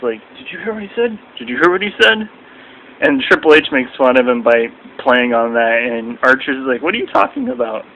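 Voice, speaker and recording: Brief: young male vlogger, bright voice, rambling casual review, dull webcam sound. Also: slight background noise. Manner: rambling, acts out quotes in shrill mocking voices.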